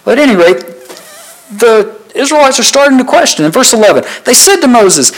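An extremely high-pitched, very animated man preaches fairly quickly on a low-quality recording. His sermon mixes scripture readings with rhetorical questions to the listeners and short phrases repeated for emphasis.

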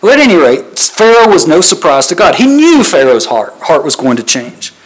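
A man preaches a sermon in a somewhat high, sing-song voice at normal speed, with a breathy edge. He reads scripture verses, poses rhetorical questions to the listeners, and hammers his points with short repeated phrases. The recording quality is low.

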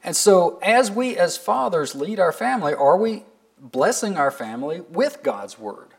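A man's voice: high voice, big pitch swings, unhurried, vocal fry. A man preaching a sermon, earnestly asking his listeners pointed questions and reading scripture aloud with emphasis.

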